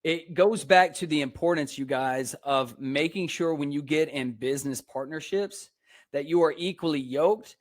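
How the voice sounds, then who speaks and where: Podcast guest: young Texan man, upbeat and preachy, slightly raised pitch. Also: moderate pace. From Texas. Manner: energetic, preachy, laughs often. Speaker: podcast guest, speaker and personal trainer. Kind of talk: casual podcast interview.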